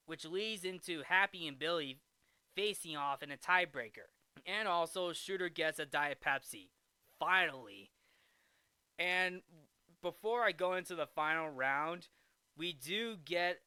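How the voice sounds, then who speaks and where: A man hosts a casual movie-recap vlog, rambling along and often restarting his sentences. His voice is bright and clear, pitched a little high. The recording is close and dry. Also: dry recording. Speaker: movie review host.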